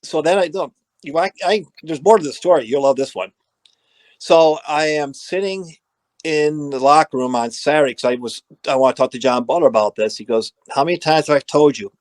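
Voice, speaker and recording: A middle-aged man, a former assistant equipment manager, telling lively anecdotes and acting out the dialogue. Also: fairly high pitch, normal speed, no room sound. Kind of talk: storytelling in a podcast interview.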